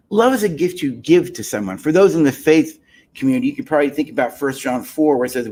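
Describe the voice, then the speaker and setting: Emphatic husky male therapist teaching. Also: fairly high pitch. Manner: emphatic, repeats key phrases, asks rhetorical questions. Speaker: psychologist and therapist. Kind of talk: teaching talk on love and marriage.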